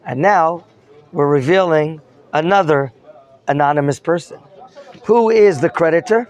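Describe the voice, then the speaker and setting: A man's voice: a little high, unhurried, a little mellow. A man teaching a Torah lesson as a rabbi, questioning his students and mixing in Hebrew terms. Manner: questions the students and prompts answers.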